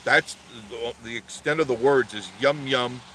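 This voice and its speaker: A man's voice: mid-range voice, normal speed, fairly bright tone, a little hiss or hum. A man hosting a casual vlog, telling a story in a rambling way with many restarts and self-corrections. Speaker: channel host.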